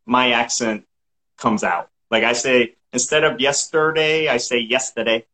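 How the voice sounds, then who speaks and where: A man's voice: medium pitch, fairly even intonation, a little slow, pushed and bright, low-quality recording. A middle-aged man from Massachusetts with a light Massachusetts accent, a guest chatting casually and laughing often. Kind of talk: casual podcast chat.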